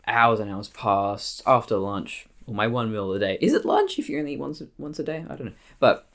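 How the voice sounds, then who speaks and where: An Australian woman tells a story on her vlog in a blunt, salty way, with plenty of swearing. Her pitch leaps around a lot as she talks. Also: a little fast. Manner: blunt, profane, animated storytelling. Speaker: vlogger.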